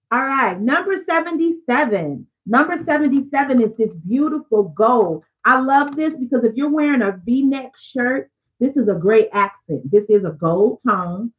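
A woman's voice: on the high side, poor audio. A woman selling jewelry on a live stream, chatty and upbeat, talking straight to her viewers. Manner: chatty, upbeat, addresses viewers directly as "y'all". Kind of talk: live-stream sales pitch.

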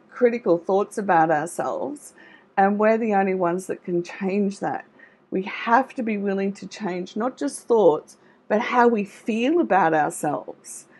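A middle-aged woman with a husky, breathy voice at an ordinary pitch, speaking as a recovery coach to a live audience. She talks in an encouraging, reassuring way and keeps checking in with her listeners. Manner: warm, encouraging, reassuring, with frequent "okay?" and "all right?". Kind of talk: live online coaching talk.

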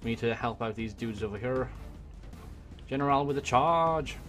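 A man from Wales with a Welsh accent, giving excitable let's-play commentary on a strategy game into a desk microphone, swearing and muttering to himself as he plays. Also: mid-range voice, moderate pace, soft background music. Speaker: gaming YouTuber. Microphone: desk USB microphone.

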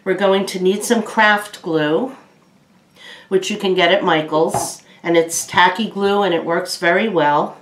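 A woman's voice: on the low side, fairly even intonation, a little slow. A woman librarian reading a children's story aloud, then patiently explaining a campfire craft step by step. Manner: patient, step-by-step instructions for kids. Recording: roomy echo.

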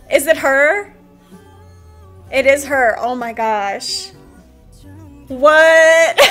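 A woman hosting a drama reaction video, excitable and emotional, laughing and gasping often. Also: sits high. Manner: emotional, near tears. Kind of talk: casual drama reaction commentary.

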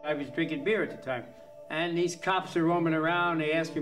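A man's voice: fairly high pitch, steady tone, brisk, poor audio. Blunt, rambling older-sounding man, music behind. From New York. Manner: blunt, profane, rambling with "you know". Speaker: documentary subject. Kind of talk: candid interview storytelling. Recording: music under interview. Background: background music.

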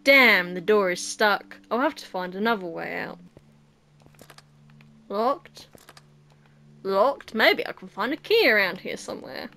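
A woman's voice: mid-range voice, expressive, a little slow, long pauses, pushed and bright. Sarcastic giggly woman gamer. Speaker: let's play host. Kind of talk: casual game commentary.

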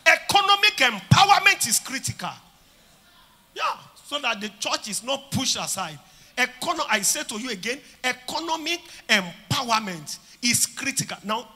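A man with a Nigerian accent preaching a sermon at a church conference, declaring and shouting, then dropping to quieter talk. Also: high-pitched, big-room sound. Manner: declaring and shouting, swinging between loud and soft. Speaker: pastor.

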